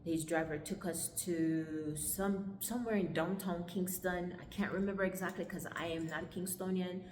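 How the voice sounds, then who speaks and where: Low-voiced Jamaican woman telling her story. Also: steady tone, a little mellow, slight background noise. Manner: halting, conversational retelling. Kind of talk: personal life story. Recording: echoey room with long reverb.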